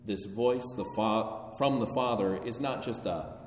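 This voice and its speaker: A man delivers a sermon at an unhurried pace, solemn and measured, pressing harder on key phrases. His voice rings through a long-echoing church sanctuary. He stands back from a distant microphone, with a faint room hum behind him. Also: on the low side. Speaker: preacher. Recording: echoey hall, voice from afar.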